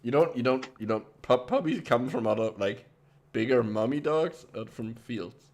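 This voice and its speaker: Giggly man with a lively, bouncing voice. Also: mid-range voice, moderate pace. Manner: joking, giggly, lots of "like". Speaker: podcast co-host. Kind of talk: casual group chat. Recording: faint background noise.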